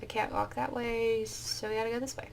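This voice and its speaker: A woman's voice: a little high, flat delivery, brisk, vocal fry, distant mic, slight background noise. A woman casually commenting while playing a game, offhand and self-mocking. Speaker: gaming video creator. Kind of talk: casual let's-play commentary.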